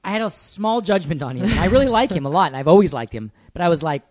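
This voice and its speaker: A man's voice: a little high, lively intonation, racing, few pauses, a little mellow, no room sound. A man co-hosting a podcast in casual chat, self-deprecating and playful, laughing often. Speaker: podcast co-host.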